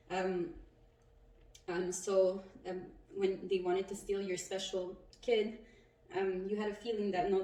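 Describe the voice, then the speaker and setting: Woman, tarot reader, casual and expressive; roomy echo, a step back from the mic. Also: medium pitch, distant mic. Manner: chatty, animated, swears and laughs often.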